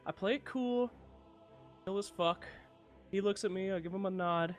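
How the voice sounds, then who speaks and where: A young man casually telling a funny anecdote, animated and excitable, swearing freely. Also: high voice, normal speed, faint music behind. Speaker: video creator.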